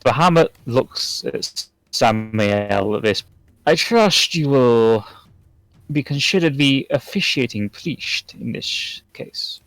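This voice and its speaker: Slow dry-voiced man game master. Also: medium pitch, lively intonation, a bit bright, no room sound, low-quality recording. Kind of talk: narrating a tabletop game.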